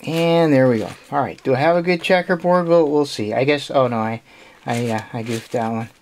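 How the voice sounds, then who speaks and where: A man hosting a puzzle channel talks casually through an unboxing at a middling pitch. He stops and restarts often and laughs quietly to himself as he goes. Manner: hesitant, halting, full of restarts and small laughs.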